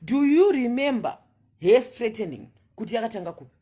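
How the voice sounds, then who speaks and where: A woman's voice: a little high, animated, a little fast, dark tone, slightly rough. A woman giving a passionate monologue of social commentary, firing off rhetorical questions and switching between English and Shona.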